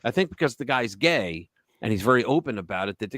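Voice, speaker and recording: Speaking fast in a mid-range voice over a dry recording, a man hosts live political commentary. He's animated and sarcastic throughout, using mocking voices and scornful asides in a casual style.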